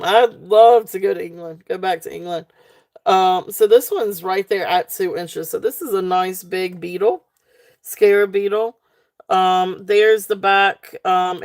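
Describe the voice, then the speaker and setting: A woman's voice: medium pitch, darkish tone. A woman from Virginia with a Southern accent, hosting a live jewelry sale in a chatty, casual way full of fillers. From South Central Virginia, USA. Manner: chatty, many fillers, thanks viewers by name. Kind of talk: casual live-stream sales talk.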